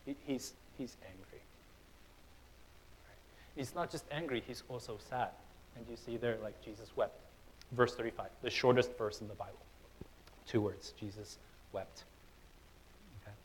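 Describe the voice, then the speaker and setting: A young man preaching a sermon in a church, conversational and relaxed, with fillers and restarts, rising to loud, emphatic stretches. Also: medium pitch, measured pace, pauses often, a little hiss or hum, rough recording. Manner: casual, conversational preaching with fillers and repeated starts; builds to loud, emphatic passages. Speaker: pastor. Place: church hall.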